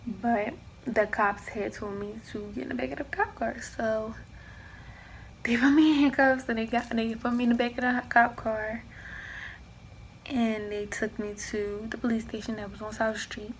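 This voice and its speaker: A young woman telling a personal story in a casual vlog, acting out both sides of the argument with lively emphasis. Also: on the high side, moderate pace, a little hiss or hum, poor audio. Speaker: vlogger.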